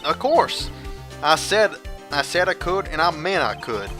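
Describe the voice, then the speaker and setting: A man's voice: on the high side, sing-song, measured pace, over music, pitched above the performer's own voice. A man voicing a brash female photographer witness in a put-on American Southern accent, reading game dialogue. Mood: sassy.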